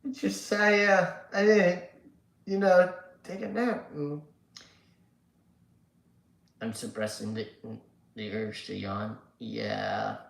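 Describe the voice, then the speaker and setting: This livestream host, sleepy and yawning, reads chat aloud and rambles with many fillers and casual curses. His fairly high voice is flat, slow, and creaky with frequent pauses, captured in a rough recording in an echoey room.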